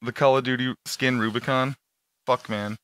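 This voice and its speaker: Man, podcast host, crude storyteller who slips into shouted caller voices; bright, slightly high voice, dry mic. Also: steady tone, normal speed, no echo. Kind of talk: casual chat.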